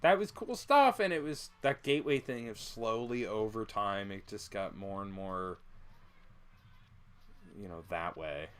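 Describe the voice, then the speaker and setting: Animated, swearing man on a stream. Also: lowish voice, unhurried, clear, resonant tone. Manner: blunt, swears freely. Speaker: co-host. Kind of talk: casual stream chat.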